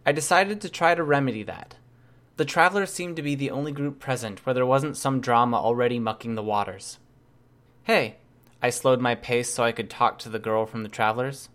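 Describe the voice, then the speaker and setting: A man narrating a first-person novel in an even, measured reading style. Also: mid-range voice. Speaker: audiobook narrator. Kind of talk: scripted narration.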